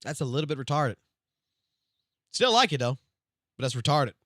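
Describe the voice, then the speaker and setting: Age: young adult. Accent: South Louisiana Cajun. Tone: loud, profane rant. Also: male voice, very animated, moderate pace, dry recording, clean studio sound. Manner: loud, emphatic and profane, swinging between loud and low-key. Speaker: live streamer. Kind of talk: casual stream rant.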